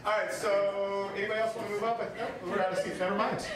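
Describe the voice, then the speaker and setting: A man's voice: high-pitched, flat delivery, fast talker. Male emcee, casual teasing banter, very echoey distant sound, audible crowd. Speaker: comedy show host. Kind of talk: emcee introducing acts. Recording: very echoey hall from far off with audience.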